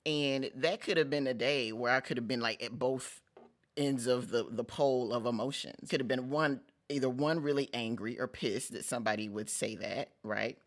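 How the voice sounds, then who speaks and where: A middle-aged man gives a motivational pep talk on his vlog in a gravelly, creaky voice. He speaks in a conversational, emphatic way, repeating phrases to drive them home and dropping in casual slang. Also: mid-range voice, moderate pace. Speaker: host.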